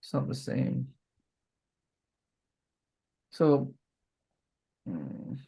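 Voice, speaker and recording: A man's voice: medium pitch, very animated, extremely slow, gravelly, warm tone. A man mentoring a group over a video call, thinking aloud as he reads product labels.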